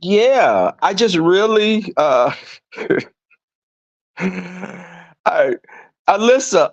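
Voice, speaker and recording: A man with a high-sitting voice hosts a livestream at a slow pace, pausing often. He chats casually and profanely with viewers, acting out quoted exchanges in animated storytelling, all over dull lo-fi stream audio.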